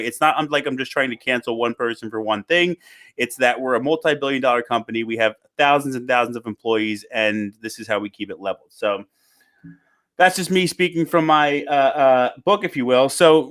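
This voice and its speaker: A man co-hosting a casual chat podcast in an animated way. He reads tweets and book passages aloud to his co-host, with his pitch jumping up and down as he makes his points.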